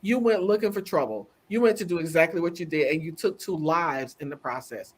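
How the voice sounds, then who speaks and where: A woman co-hosting a casual talk show, animated and emphatic, repeating words for effect. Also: on the low side, a little fast, breathy edge. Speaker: co-host. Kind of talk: casual chat.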